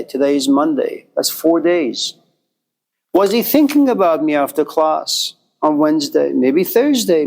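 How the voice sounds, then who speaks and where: Male lecturer, fairly high voice, measured delivery with rhetorical questions. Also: poor audio. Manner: deliberate, asks rhetorical questions and answers them. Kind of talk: classroom lecture.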